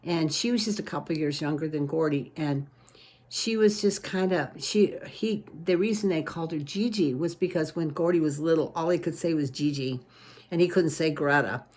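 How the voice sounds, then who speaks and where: Brief: woman storyteller, warm-homey rambling delivery, lowish voice. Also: normal speed. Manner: homey, rambling with many "and, uh" restarts. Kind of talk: unscripted read-aloud storytelling.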